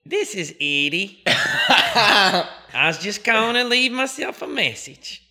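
A man's voice: sits high, very animated, slow pace, pushed and bright, voice pushed up, exaggerated voice. A man imitating a Texan country man with a twang, laughing as he talks. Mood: amused. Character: Texan country man, leaving himself a message.

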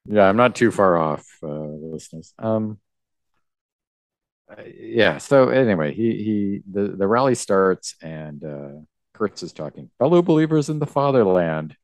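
Slow, low-voiced male podcast host. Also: lively intonation, no room sound. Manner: rambling, hesitant, with fillers and restarts. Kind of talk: casual chat recapping a comic.

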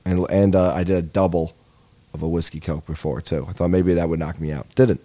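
A man's voice: sits low, fairly even intonation, a little fast, warm tone. A young man hosting a comedy podcast, telling rambling, profane, self-deprecating stories in a casual monologue, a little tired. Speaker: podcast host.

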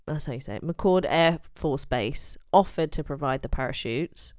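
A woman's voice: deep voice, moderate pace, a little mellow, no room sound, studio quality. A young woman co-hosting a podcast, chatting casually about a true crime case and laughing often. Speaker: podcast co-host.

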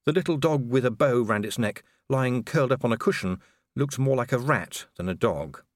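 Expressive male audiobook narrator. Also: medium pitch, normal speed, no echo, clean studio sound. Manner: wry, expressive. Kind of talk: scripted narration.

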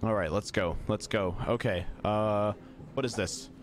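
A man's voice: lowish voice, steady tone, measured pace, slight background noise. A young man streaming a video game, chatty and muttering to himself as he plays. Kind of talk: casual gaming commentary.

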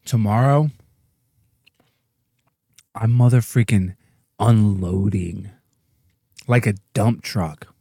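A man hosting a livestream, rambling and joking, sometimes jumping into goofy high-pitched bits. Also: slow pace, long pauses, mellow, dry recording, studio quality. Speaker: livestream host. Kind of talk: casual livestream rant.

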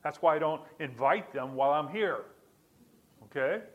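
Middle-aged pastor guy preaching, earnest, says the big lines twice, voice sits a bit high. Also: lively intonation, normal speed, narrow, tinny audio. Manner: earnest, repeats key lines for emphasis. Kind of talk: sermon.

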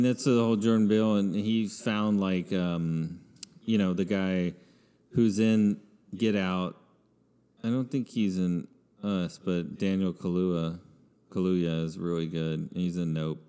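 A man's voice: low voice, fairly even intonation, a little slow, mellow, clear, resonant tone, long reverb tail. A man hosting a podcast in casual chat, rambling with many fillers. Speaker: podcast host.

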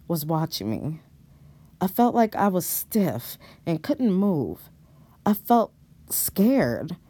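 A woman's voice: on the low side, darkish tone, no room sound. A woman narrating a first-person horror story in a dramatic, exclamatory way, with casual swearing.

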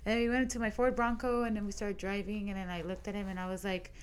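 Young woman in her twenties, podcast co-host, chatty storyteller who quotes everyone, mid-pitched. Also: little pitch movement, fast, a little hiss or hum. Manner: retells a dream with lots of "I was like" quotes. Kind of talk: casual storytelling chat.

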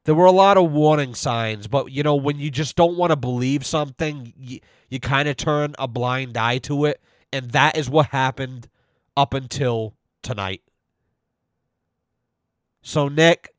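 A man's voice: mid-range voice, clean tone, no echo, studio quality. A man giving a mock-serious rant on his own show, profane and full of repeated "you know"s. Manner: profane, repetitive. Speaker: podcast host.

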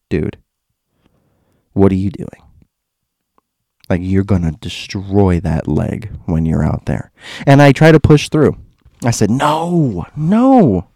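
Young adult man, casual storyteller, low warm voice, digresses and restarts a lot. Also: no room sound, studio quality. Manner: rambling, many restarts and asides.

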